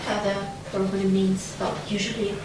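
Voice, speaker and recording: Flat-voiced woman in an echoey room. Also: mid-range voice, moderate pace. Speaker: discussion participant. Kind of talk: casual group discussion. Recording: echoey room, distant mic, noise.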